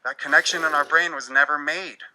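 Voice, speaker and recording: Bright-voiced animated male speaker. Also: a little high, fairly quick, low-quality recording. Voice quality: animated, wry storytelling. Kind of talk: presentation talk.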